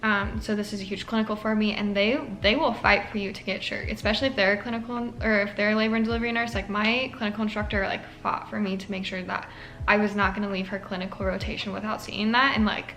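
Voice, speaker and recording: A woman's voice: mid-range voice, flat delivery, quick pace, a bit bright, a little hiss or hum. A young woman, a nursing student, chatting casually to camera with lots of filler likes and an emotional, earnest manner. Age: young adult. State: tearful at moments.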